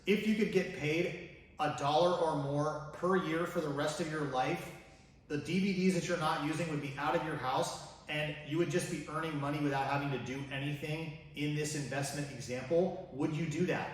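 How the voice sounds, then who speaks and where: A finance YouTuber with a slightly high voice speaks at a moderate pace, addressing the camera directly with enthusiasm and plenty of rhetorical questions. The recording comes from a very echoey room with the mic at a distance.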